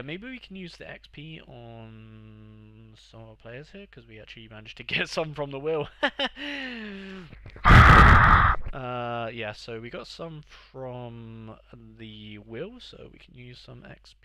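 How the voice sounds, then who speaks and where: A man's voice: medium pitch, animated, moderate pace, fairly bright tone, smooth, no room sound. A young man streaming live, rambling and sarcastically mocking himself as he chats. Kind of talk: live gaming stream chat.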